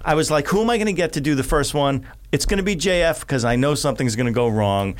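A middle-aged man chats as a podcast guest, his fairly high voice swooping with animation. He laughs easily and lets thoughts trail off before starting again. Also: expressive, fast. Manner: chatty, laughs often, trails off mid-thought. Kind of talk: casual podcast chat.

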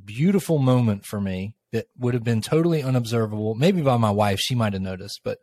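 A middle-aged man co-hosting a podcast, telling a personal story in a thoughtful, unhurried way with pauses. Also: on the low side, darkish tone, no room sound. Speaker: podcast co-host. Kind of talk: reflective casual conversation.

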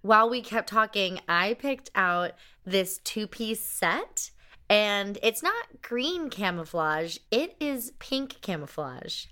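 A woman playing a tabletop game, speaking in a slow, musing way with fillers. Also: medium pitch, lively intonation, bright, forceful tone. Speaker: player. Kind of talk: casual tabletop game play.

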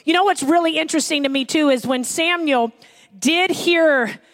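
A woman pastor delivers a sermon, lively and animated, acting out the voices of the people she quotes. Her voice sits high for a woman. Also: normal speed.

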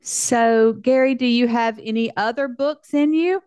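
A woman hosting a podcast, asking a guest plain, measured questions. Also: a little high, darkish tone, clear, resonant tone, dry recording. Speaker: podcast host. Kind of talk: interview questions.

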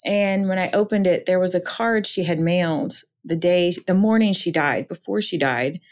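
A woman from Minnesota, an author and counselor, shares her story as a podcast guest. She speaks in a fairly low voice, earnest and reflective as she goes. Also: normal speed, darkish tone. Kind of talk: personal testimony in conversation.

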